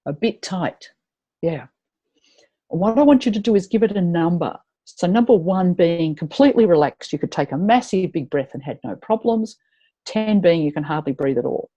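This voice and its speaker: A woman's voice: fairly low pitch, expressive, normal speed, mellow, muffled recording. A woman leading a live tapping webinar, chatty and encouraging as she guides her attendees.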